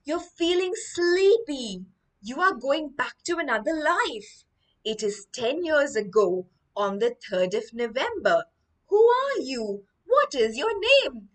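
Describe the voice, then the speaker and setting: A woman voicing an excitable young boy who hypnotizes people, drawn out and dramatic, pleading in a high voice. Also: slow, distant mic, heavily acted. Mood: mysterious.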